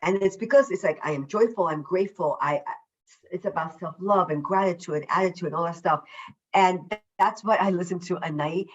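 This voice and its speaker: A woman, a self-love coach, talking as a podcast guest over a video call, effusive and emphatic, deliberately slowing down her naturally quick way of speaking. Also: fairly low pitch, highs cut off. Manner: deliberately slowing her usual fast speech. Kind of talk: casual podcast interview.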